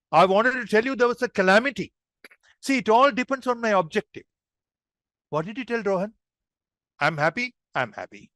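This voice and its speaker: A man's voice: high-pitched, fairly bright tone, no room sound, studio quality. A man leading an online public speaking workshop, demonstrative and addressing the group as friends.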